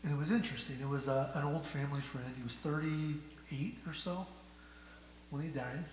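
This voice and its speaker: Man, pastor preaching, slightly high voice, rhetorical questions, soft to loud, echoey hall, faint hum. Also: steady tone, moderate pace. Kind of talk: sermon. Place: church sanctuary.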